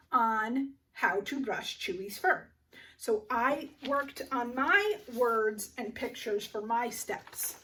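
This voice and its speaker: A first grade teacher, a woman, leading a phonics lesson for young children and sounding out words slowly, with little gasps of discovery. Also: fairly high pitch, a bit bright, recorded from a distance.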